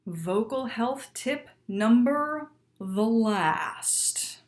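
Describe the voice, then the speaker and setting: A woman in her thirties gives a casual video lesson on looking after the singing voice. Her voice sits a little high, and she talks in an emphatic, lively way, often tossing in a quick "right?" to check in with the viewer. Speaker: voice teacher.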